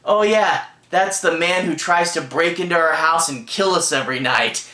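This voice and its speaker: A man voicing a husband who stays oddly calm and offhand, recorded in an echoey room. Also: fairly high pitch, normal speed. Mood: nonchalant. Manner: offhand, breezy.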